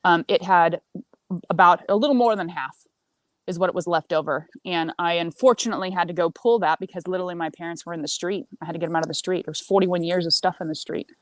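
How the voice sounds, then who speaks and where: A woman in her forties telling a story as a podcast guest, blunt and animated, swearing freely. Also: lowish voice, fast, dry recording. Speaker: senior marketing director. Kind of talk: casual storytelling chat.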